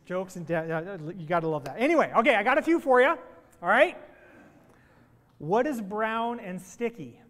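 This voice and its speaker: Male pastor, higher than usual register, playful preacher with jokes, large echoing sanctuary. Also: moderate pace. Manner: playful, animated joke-telling. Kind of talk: sermon with opening jokes. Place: church sanctuary. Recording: long reverb of a church hall.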